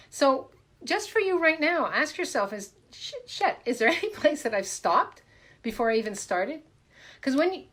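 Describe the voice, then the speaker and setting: An upbeat woman coach hosts a live stream from a room at home, speaking in a slightly high voice. She talks casually into a webcam mic and keeps breaking off to greet her viewers by name, repeating her welcomes. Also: a bit bright.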